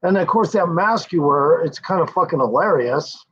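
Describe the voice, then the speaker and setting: Husky American man rambling on a stream. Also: fairly high pitch, animated, moderate pace, fairly bright tone. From United States. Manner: rambling, profane, chuckling often. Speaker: livestream host. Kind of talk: casual livestream chat with viewers. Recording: dull lo-fi stream audio.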